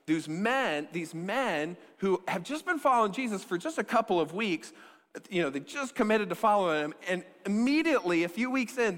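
Guy pastor preaching, kinda high voice, chatty and jokey, long echo in a big hall. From American Midwest. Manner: conversational, joking, animated storytelling. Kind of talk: sermon.

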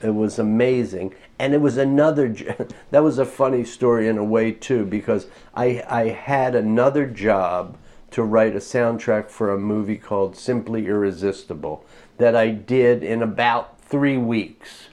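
A man's voice: lowish voice, a little slow. A man talks about his orchestration work as an interview guest. He spins casual anecdotes and slips into quoting himself and others with a laugh in his voice. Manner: animated anecdotes, acts out quotes with laughter.

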